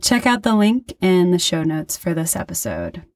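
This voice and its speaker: A woman's voice: fairly low pitch, wildly swooping pitch, normal speed, very noisy. A woman hosting a podcast, talking earnestly and reflectively in casual chat. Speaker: podcast host.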